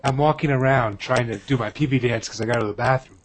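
A man talking loud and excitable in a casual chat with friends. He is on a headset mic that clips and distorts when he yells. A faint hiss sits under his voice. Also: medium pitch, fast talker.

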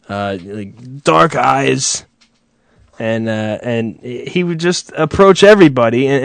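A man's voice: mid-range voice, clean tone, no echo. A man hosting a show, telling a rambling, profane story with frequent chuckles. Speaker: show host. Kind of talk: casual rambling monologue.

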